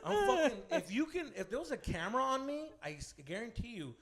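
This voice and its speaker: A man on a podcast, telling a fight story in casual, profane talk, mixing in Spanish slang and loudly acting out the people in it. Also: very high voice, fairly quick. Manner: animated, profane, mixes Spanish slang, acts out voices loudly. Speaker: podcast co-host. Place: green room of a comedy club.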